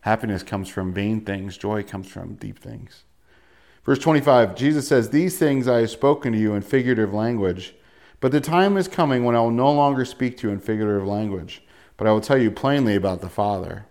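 A man preaching a sermon in a lively, joking way, acting out little asides and quotes as he reads from scripture. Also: on the low side, fairly quick. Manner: animated, jokey preaching with voiced asides. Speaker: pastor.

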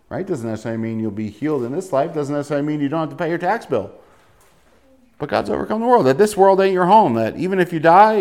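A pastor preaches with plenty of energy and humor, his somewhat mellow voice swinging widely in pitch. He acts out quick asides and reads verses aloud.

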